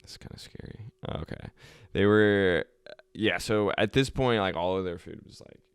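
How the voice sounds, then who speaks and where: A man's voice: sits low, normal speed, clear, resonant tone, dry recording. A young man hosting a podcast, telling a history story in a loose, profane, rambling way and laughing often. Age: young adult. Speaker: podcast host. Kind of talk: casual storytelling chat.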